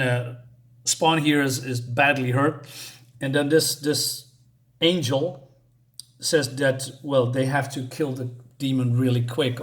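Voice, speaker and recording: A man casually reviewing a comic book, rambling and hesitant, full of fillers and restarts. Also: mid-range voice.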